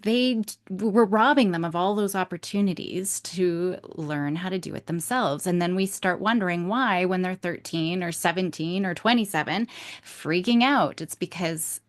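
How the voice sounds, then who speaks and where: A woman hosts a parenting podcast interview in a casual, agreeable way. She answers her guest with quick backchannels and sometimes restarts her sentences. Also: fairly low pitch. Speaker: podcast host, psychologist.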